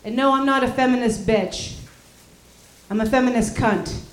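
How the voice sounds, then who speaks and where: A woman's voice: a little high, steady tone, moderate pace. A woman with a Canadian accent doing a brash, profane stand-up set in a club. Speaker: stand-up comedian. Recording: roomy club echo.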